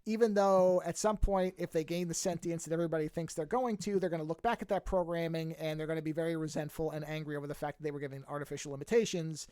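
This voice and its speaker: High-voiced rambling podcast host, dry mic. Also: male voice, fairly even intonation, fast talker, few pauses, warm tone, smooth, no room sound. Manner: rambling, self-amused, many restarts. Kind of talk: casual chat.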